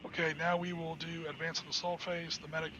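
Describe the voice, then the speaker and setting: A man's voice: on the high side, a little fast. A man hosting a podcast, narrating his own solo tabletop wargame and cheering on his dice rolls as he plays. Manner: excitable, talks to himself while playing. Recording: dull lo-fi sound with clear background noise.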